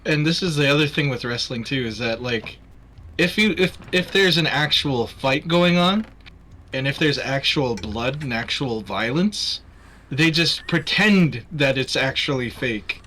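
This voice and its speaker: A man's voice: mid-range voice, expressive, unhurried, pushed and bright, a little hiss or hum. A man hosting a charity stream, chatting casually while gaming, rambling and swearing as he gets heated about wrestling.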